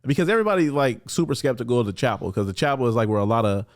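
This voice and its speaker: A man from Los Angeles talks as a podcast guest, his voice sitting at an ordinary middle pitch. He tells his story in an animated, conversational way, filling his speech with "like" and jumping into character voices for the people he quotes. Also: very fast. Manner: animated, acts out quoted voices, many "like" fillers.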